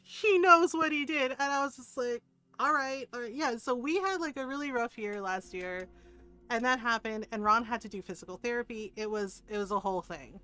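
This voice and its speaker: A middle-aged woman streamer chats casually with her viewers. Her voice sits a little high. She tells stories animatedly, acting out what others said and laughing often. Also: fairly bright tone, clear, resonant tone, no room sound.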